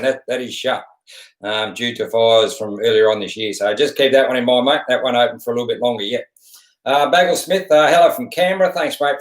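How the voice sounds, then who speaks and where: A middle-aged man with an Australian accent hosts a relaxed live stream, talking in a loose, rambling way. His voice sits at an ordinary pitch. The room around him gives a noticeable echo. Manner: laid-back, rambling, calls everyone mate. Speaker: host of a live stream answering viewers. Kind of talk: casual live-stream chat.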